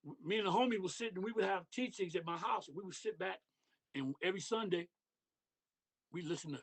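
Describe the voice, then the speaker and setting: This podcast guest is a middle-aged man from Detroit whose voice is high and brisk. In a relaxed interview, he rambles in street slang and keeps tossing in "you know what I mean."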